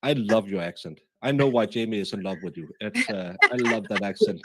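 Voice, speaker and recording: A man hosting a casual livestream chat, rambling and halting with many fillers as he reads comments. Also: lowish voice, heavy background noise. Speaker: livestream host.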